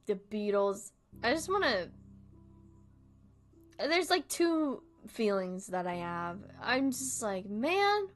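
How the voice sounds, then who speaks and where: Soft music plays behind a young woman who is streaming and chatting casually. Her medium-pitched voice is animated but slow, with frequent pauses, as she drifts from thought to thought, laughs often, and swears freely.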